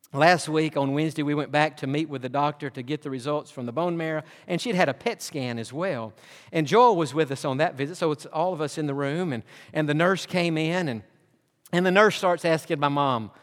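A man, a pastor, telling a personal story in a sermon, earnest and animated, acting out the dialogue. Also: on the high side, brisk. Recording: long hall reverb.

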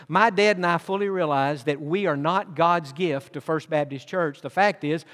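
A man's voice: high voice, fairly bright tone. A man preaching a sermon as associate pastor, telling folksy stories with light humor. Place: church sanctuary. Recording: long reverb of a church hall.

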